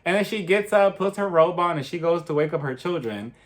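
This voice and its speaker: Young male vlogger, sassy and animated, high-pitched and very expressive. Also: a little fast. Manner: sassy, animated storytelling with mocking quotes. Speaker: reality TV reviewer. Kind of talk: casual recap vlog.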